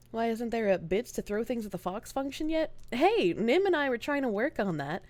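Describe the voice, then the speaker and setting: A woman's voice: on the high side, expressive, moderate pace, few pauses, a little mellow, no echo. A woman streaming live in casual, chatty talk with a groggy morning voice. She swears freely and laughs often. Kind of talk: casual livestream chat.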